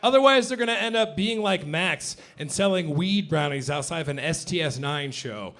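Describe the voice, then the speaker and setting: A man performs stand-up in a mock-serious, deadpan preaching manner. His voice is high for a man, heard through a handheld mic on a comedy club stage. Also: moderate pace.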